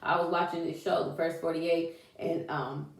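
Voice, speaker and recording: A woman's voice: low voice, normal speed, vocal fry, distant mic. Folksy encouraging woman vlogger, echoey room. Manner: animated, folksy, preachy with church phrases. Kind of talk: casual encouraging vlog talk. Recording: echoey room, voice away from mic.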